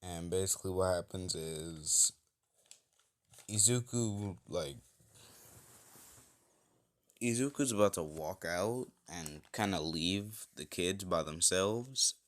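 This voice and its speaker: A man's voice: low voice, slow pace, long pauses. A man casually retelling an improvised fan story, rambling with many fillers and self-corrections.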